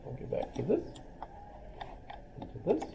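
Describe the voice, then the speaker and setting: Speaking at a normal speed, a middle-aged college philosophy teacher delivers a relaxed, rambling lecture full of joking asides. The sound comes from a distance in a roomy classroom, and the background is noisy.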